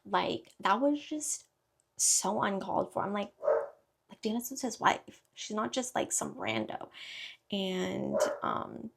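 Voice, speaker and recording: A woman beauty vlogger chats casually through a get-ready-with-me video, wandering from thought to thought with plenty of fillers. Her voice sits at an ordinary middle pitch for a woman. It often settles into a gravelly, fry-laden texture. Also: very animated, slow, slight background noise. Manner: rambling, filler-heavy, chatty.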